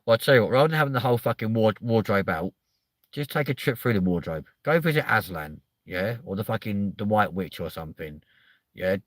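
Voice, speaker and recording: A man's voice: fairly low pitch, animated, fairly quick, no echo. A man hosting a comedy chat show, rambling and crude, with constant swearing. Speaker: host.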